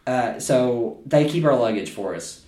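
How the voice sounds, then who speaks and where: A man's voice: mid-range voice, animated, measured pace, a little mellow, recorded from a distance. A man, hosting a podcast and telling a story in casual, profane chat, laughing often. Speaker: podcast host. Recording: echoey room, off-mic.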